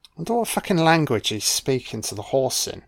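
A man's voice: medium pitch, very animated, brisk, gravelly. A man giving a casual, jokey, sweary film commentary. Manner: laid-back, sweary, jokey.

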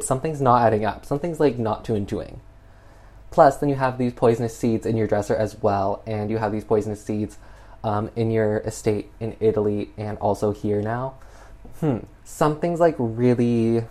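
A casual, exasperated reviewer walks through a film's plot, peppering every sentence with "like" and "um." The voice sits at an ordinary middle pitch. The delivery is loose, rambling and openly fed up. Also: warm tone. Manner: chatty, exasperated, heavy use of "like". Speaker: film reviewer. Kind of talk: casual film recap.

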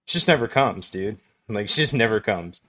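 A man's voice: fairly low pitch, animated, moderate pace, bright, forceful tone. A man co-hosting a podcast, telling a crude childhood story casually and laughing often as he goes. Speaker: podcast co-host. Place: small studio room.

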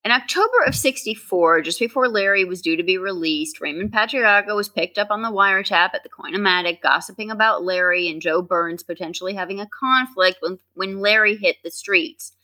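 A woman's voice: medium pitch, brisk, few pauses, bright, forceful tone. A woman co-hosting a true crime podcast, reading narration with dry, wry asides. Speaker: podcast co-host.

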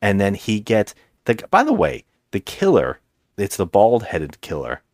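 Male podcast host, deep and very animated, meandering recap style, dry sound. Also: unhurried, no echo. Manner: rambling, hesitant storyteller with many restarts. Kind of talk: casual movie recap chat.

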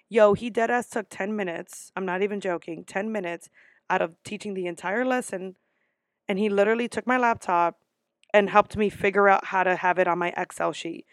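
A woman's voice: medium pitch, a little fast, no echo. Young woman venting about college, cussing a lot, dry close sound. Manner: blunt, swears freely, animated storytelling. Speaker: college student vlogger. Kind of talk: casual vlog rant.

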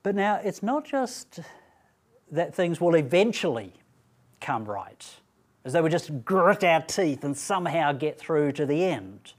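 A man giving a Bible talk at a student training event, speaking deliberately and emphatically and asking rhetorical questions. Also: a little high, sing-song.

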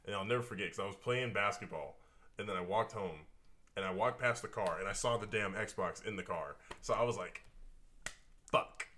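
Low, bright-toned man chatting. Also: fairly quick. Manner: laid-back, swearing anecdotes. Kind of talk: casual chat.

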